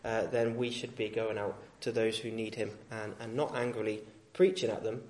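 A male street preacher giving a sermon in a gentle, reasoning tone, with frequent fillers and restarts. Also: fairly low pitch, fairly even intonation, moderate pace.

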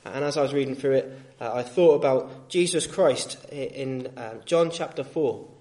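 The medium-pitched male street preacher moves at a moderate pace through his sermon. His tone is gentle and reasoning, punctuated by frequent fillers and false starts.

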